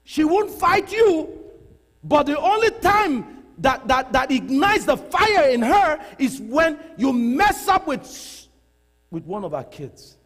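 A middle-aged man preaching a sermon in a church hall. He talks in an animated way, laughs often and repeats phrases for emphasis. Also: very high-pitched, slow pace. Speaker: pastor. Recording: long reverb of a large hall.

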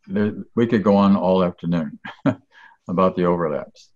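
A man hosting a casual interview chat, relaxed, with fillers and light laughs. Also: sits low, normal speed. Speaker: host. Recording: dull lo-fi audio.

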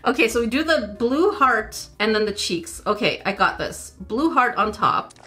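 An excitable woman with a slightly high voice plays a mobile baking game and narrates as she goes. She jokes playfully and lets out panicky exclamations. Faint music plays behind her. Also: normal speed. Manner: playful, jokey. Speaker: gaming YouTuber.

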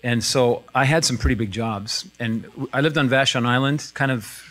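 A middle-aged man pastor speaking in a church, conversational and self-deprecating, with halting restarts. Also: mid-range voice, a bit bright. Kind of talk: casual sermon talk.

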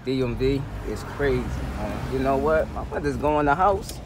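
A man's voice: mid-range voice, fairly quick, background noise. A man vlogging from his car, complaining in a profane, dramatic, exasperated way. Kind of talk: casual vlog. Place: in a car, outdoors traffic.

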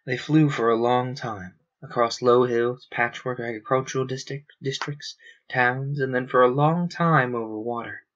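A man reading a novel aloud on a stream, in steady, earnest storybook narration with dramatic pauses. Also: mid-range voice, muffled recording.

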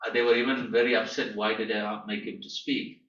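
A man teaching through a personal story, animated, with emphatic rises and soft drops. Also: lowish voice, brisk. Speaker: guest teacher. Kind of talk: storytelling lecture. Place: teaching room at a training school. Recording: echoey room, far from mic, dull sound.

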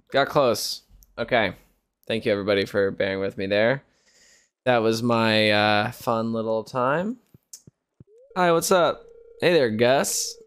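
A man with a gravelly voice streaming a farming game, chatting loosely with viewers. He cracks jokes, swears freely and talks through every move as he figures things out. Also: mid-range voice. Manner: jokey, swears often, thinks out loud. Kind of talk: casual Let's Play commentary.

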